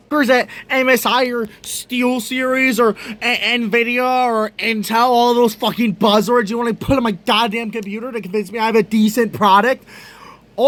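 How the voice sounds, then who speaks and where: A young vlogger with a very high, somewhat bright voice rants profanely on video. Exasperated, he swears and often dissolves into laughter.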